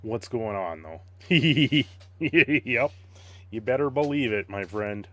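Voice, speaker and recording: A man's voice: mid-range voice, animated, slow pace, fairly bright tone. A man casually chatting on a live stream, greeting viewers and playing with his dog, laughing often. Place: home.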